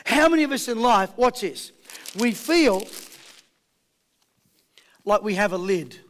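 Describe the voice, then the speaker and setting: A man with an Australian accent giving a high-energy motivational seminar, rallying a live audience with questions and call-and-response. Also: expressive, slow pace, a bit bright. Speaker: motivational speaker.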